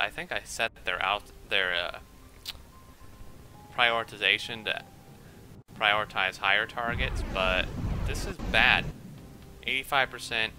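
Excitable young man with a bright voice. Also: fairly low pitch, slight background noise, low-quality recording. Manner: rambling, excitable, quick to get worked up. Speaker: let's play gamer. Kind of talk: gameplay commentary.

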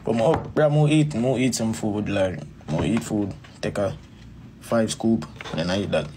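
A man's voice: lowish voice, moderate pace, mellow, slight background noise. A man with a Jamaican accent telling a personal story in a rambling, casual way, repeating phrases and calling the listener "bro". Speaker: dancehall artist.

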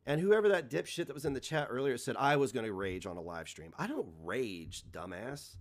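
A man's voice: medium pitch, expressive, a little fast. A man ranting casually on a live stream, mocking and swearing, laughing often at his own jokes.

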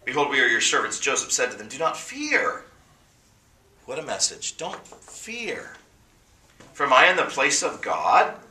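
Guy preaching in an echoey church, super bright voice, punchy build-ups. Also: fairly high pitch, wildly swooping pitch, a little slow, long pauses, far from the mic, a little hiss or hum. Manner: preaching with emphatic, rising bursts. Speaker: pastor. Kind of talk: sermon.

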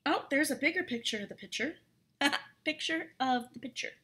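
A woman's voice: high-pitched, moderate pace, pushed and bright. A woman teacher reading a story aloud and explaining words to young children, chatty and full of questions.

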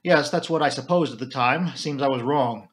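A man voicing a gruff middle-aged army major who talks in clipped, terse phrases. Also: medium pitch, moderate pace, lightly acted. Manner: clipped, terse, drops sentence subjects.

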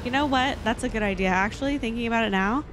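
A young woman streaming a game, chatting casually with her viewers, excitable and dramatic, laughing often. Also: a little high, fast talker, heavy background noise. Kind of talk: casual gameplay commentary.

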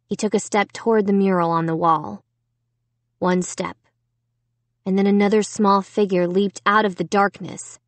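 Lady reading a creepy kids' book, steady and suspenseful, close dry mic. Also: medium pitch, normal speed, no room sound. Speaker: audiobook narrator. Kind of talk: first-person storybook narration.

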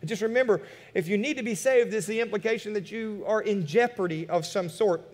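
Male pastor, high voice, animated sermon delivery with rhetorical questions, long church reverb. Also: fairly quick. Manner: animated, rhetorical questions, shifts between loud emphasis and quiet asides. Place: church sanctuary.

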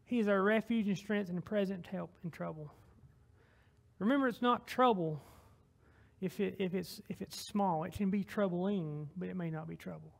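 A young lay preacher with a Southern US accent delivers an informal church sermon and closing prayer in a high, gravelly voice at normal speed. He is folksy, rambling and self-deprecating, restarting his sentences often.

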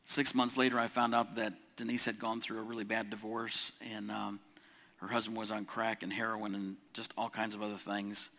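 Male pastor, bright forceful tone, preaching a sermon in a church hall with long reverb. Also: little pitch movement, normal speed. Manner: preaching with rising volume on scripture, dropping low for personal stories.

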